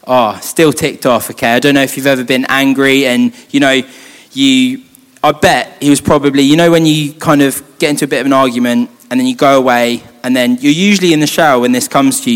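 A young man working as a youth leader tells a Bible story in a chatty, casual way, tossing in joking asides. His voice sits in the mid range and he talks fast. The recording carries a long hall reverb.

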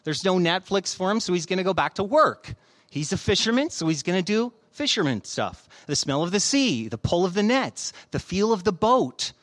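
A man in his thirties, a pastor, preaches a sermon in a high, very animated voice that's a bit bright, at normal speed. He reads scripture and tells stories conversationally, often posing rhetorical questions.

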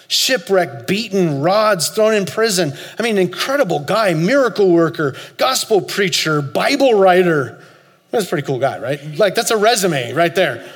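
A man in his forties preaching a sermon, telling a story with loud high bursts and soft low asides. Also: animated, moderate pace, slightly rough. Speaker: pastor. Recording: long hall reverb, faint music.

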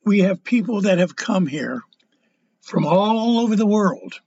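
An older man giving a casual political monologue, rambling and halting, often stumbling over his words. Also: sits high, lively intonation, a little mellow, husky, no room sound, dull audio. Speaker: political commentator.

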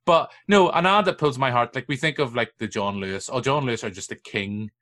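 Bright-voiced podcast host. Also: male voice, medium pitch, brisk. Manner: rambling, jokey, goes off on tangents. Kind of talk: casual chat.

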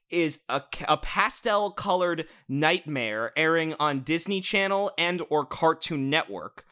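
This young man's voice is on the high side and a bit bright. He's co-hosting a podcast where he reviews cartoons through a casual comedic rant, sarcastic and loaded with swearing.

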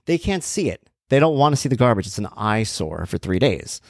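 Lively low-voiced man telling a story. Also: a little fast, vocal fry, no room sound, studio quality. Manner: animated, acts out quoted exchanges; conversational with fillers and swearing. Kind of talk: casual anecdotal storytelling.

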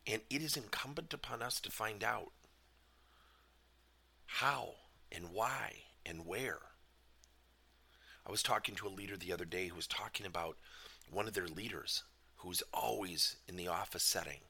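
Animated man with a gravelly, bright voice. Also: on the low side. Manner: animated, emphatic, asks many questions. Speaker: leadership coach. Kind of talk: motivational business talk.

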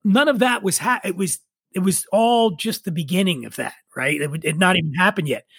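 A middle-aged man, a drinks writer and drinking-show host, telling his story in a casual interview, animated, swearing freely and laughing at himself. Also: high-pitched, fairly quick, slightly rough, no echo, clean studio sound.

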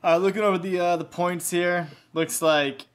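A man's voice: high-pitched, steady tone, moderate pace, clean tone. Man moderating a mock debate. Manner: mock-formal, announces points. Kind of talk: mock game-show hosting.

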